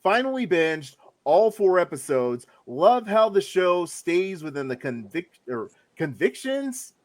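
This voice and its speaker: A man with a slightly higher voice hosts a casual podcast. He keeps the talk moving with jokes and asides. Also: very animated, unhurried. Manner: joking, leads the discussion. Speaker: podcast host.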